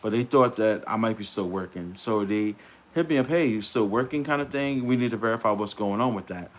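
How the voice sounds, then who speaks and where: A man's voice: lowish voice, a little fast. A middle-aged man hosting a casual live-stream chat, talking in a loose, rambling way and laughing easily. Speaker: host.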